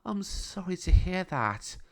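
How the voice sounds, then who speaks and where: A man voicing a gentle, kind-hearted young woman in a storybook reading, with a soft, raised voice. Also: sits high, sing-song, slow, voice pushed up, exaggerated voice. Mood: tender.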